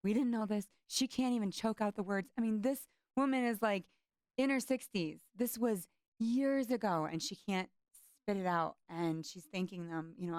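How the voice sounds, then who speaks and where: A woman hosting an interview show, talking passionately and quickly in bursts. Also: medium pitch, darkish tone, no echo, studio quality. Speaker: host. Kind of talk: heartfelt interview talk.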